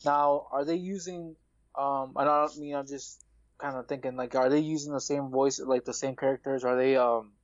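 A man chatting casually as a podcast co-host, joking and asking halting questions full of restarts. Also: mid-range voice, steady tone, no room sound, highs cut off. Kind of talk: casual chat.

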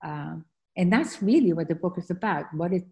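An Argentine woman whose first language is French is interviewed as an author, recounting her story earnestly with frequent fillers. Her voice is on the low side, animated and creaky yet warm, at a normal speed.

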